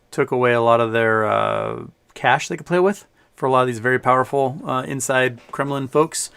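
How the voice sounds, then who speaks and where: A man's voice: mid-range voice, fairly bright tone. Rambling casual male livestream host. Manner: rambling, loose and informal, many fillers and restarts.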